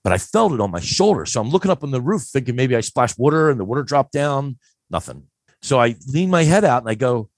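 A man in his fifties from Philadelphia, telling a story in a casual, animated way and acting out the voices in it. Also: medium pitch, fast, no room sound, clean studio sound. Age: 50s. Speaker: guest.

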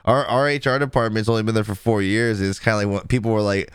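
A man in his thirties with a low, smooth voice, recorded dry and close. He rambles through a personal story as a podcast co-host, chuckling every few lines. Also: fairly even intonation, fast talker, no room sound. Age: 30s. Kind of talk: casual chat.

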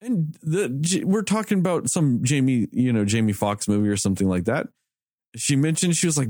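A man swapping stories on a podcast, his pitch swinging widely as he acts out what people said. He swears freely and keeps it casual. The sound is close and dry, with no room around him. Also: brisk, no echo. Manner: animated, swearing, quotes people in raised voice. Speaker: podcast co-host. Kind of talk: casual storytelling chat.

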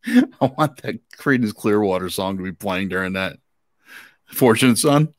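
An easygoing man talking casually as a podcast co-host, relaxed and quick to agree. His voice runs a bit low. The sound is dry and close to the mic. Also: dry recording. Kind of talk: casual chat.

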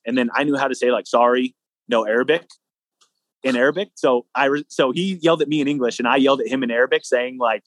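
A young man tells a story in a loose, chatty way, full of "like"s and acted-out quotes. He sounds close and dry, with no room around him. His pitch sits in the middle. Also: fast talker, no room sound. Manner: animated, acts out both sides of dialogue, many fillers. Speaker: guest, hybrid athlete. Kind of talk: casual storytelling.

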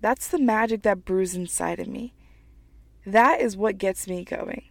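A woman's voice: mid-range voice, unhurried, vocal fry, no room sound. A woman giving a heartfelt motivational monologue as a writer, earnest and emphatic, repeating phrases as she gets emotional and teary. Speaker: writer sharing personal reflections.

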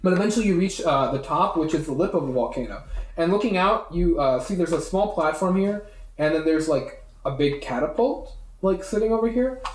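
A man's voice: a little high, lively intonation, fairly quick. A man running a tabletop game as game master, rambling through his narration with many fillers. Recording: echoey room.

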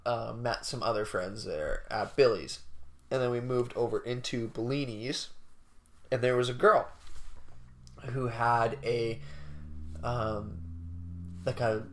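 A man's voice: mid-range voice, steady tone, takes it slowly, pauses often. A young man hosting a casual podcast, telling a story in a rambling way full of "like" and laughs. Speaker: podcast host. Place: bedroom.

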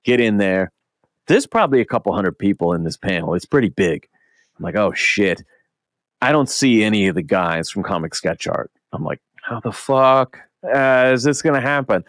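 Man, young adult, podcast co-host, animated storytelling, low pitch, dry close sound. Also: dry recording. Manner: animated, swears a lot, acts out quotes. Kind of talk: casual storytelling chat.

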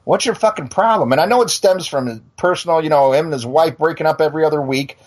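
A man's voice: a little high, quick pace, a little mellow. A middle-aged male podcast host on a blunt, profane rant, tripping into restarts as he talks. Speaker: podcast and radio show host. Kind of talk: heated casual rant.

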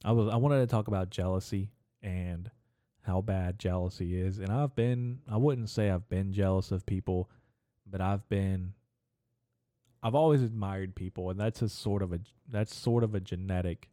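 Low-voiced, rambling, profane young man. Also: normal speed, warm tone, no room sound, clean studio sound. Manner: profane, meandering, talks to himself. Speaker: podcast host. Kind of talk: rambling solo podcast monologue.

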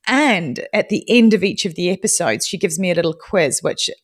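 A woman with a slightly low voice chats on a podcast as a guest. She tells her stories with energy, acts out how she reacted back then, and laughs easily. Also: slightly rough. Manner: lively storyteller, quick laughs, acts out her own past reactions. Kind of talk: casual podcast chat.

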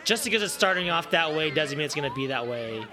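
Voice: medium pitch, expressive, fast, a crowd in the background. A person in their thirties giving casual reaction commentary in a chatty, rambling way with many restarts. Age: 30s. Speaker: reaction video host.

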